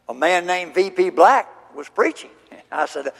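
A man preaching a sermon, expounding scripture slowly and emphatically. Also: high-pitched, lively intonation, vocal fry, a bit bright. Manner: slow, emphatic scripture exposition. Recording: hall reverb.

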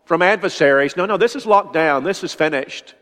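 An older pastor preaches a sermon emphatically, often repeating phrases to drive them home. His voice is a little high and fairly bright, he speaks fairly quickly, and a long hall reverb surrounds him.

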